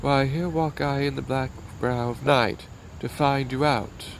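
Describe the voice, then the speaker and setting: A man's voice: mid-range voice, steady tone, unhurried, gravelly, background noise. A man reading a wary night soldier.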